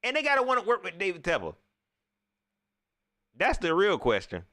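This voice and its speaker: A man hosting a casual post-game livestream, slangy and animated, often repeating himself. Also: high-pitched, moderate pace, no echo. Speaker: sports talk show host.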